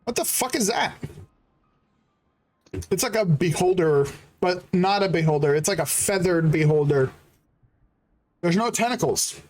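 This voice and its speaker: Male streamer, jokey live commentary, reads game dialogue out loud. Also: sits high, lively intonation, a little slow, long pauses, faint music behind. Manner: joking, laughs often, reads game text aloud.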